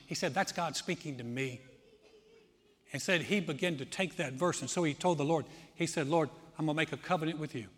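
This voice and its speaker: Man, pastor, sermon, animated storytelling, slightly high voice, long hall reverb.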